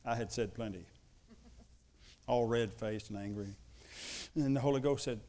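A man's voice: medium pitch, normal speed, long pauses, warm tone. Preaching man telling stories. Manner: storytelling, acts out voices of family members. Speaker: pastor. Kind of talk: sermon with personal stories.

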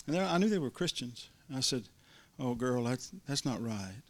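A middle-aged man preaching, telling a folksy personal story from the pulpit with restarts and warm asides. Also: medium pitch, fairly quick, few pauses. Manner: folksy, building to excited shouts. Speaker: pastor. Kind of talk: sermon storytelling.

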